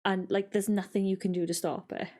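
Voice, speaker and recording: A woman's voice: mid-range voice, little pitch movement, a little mellow. Candid woman in her twenties. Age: 20s. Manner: halting and candid, many likes, laughs often. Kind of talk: casual chat.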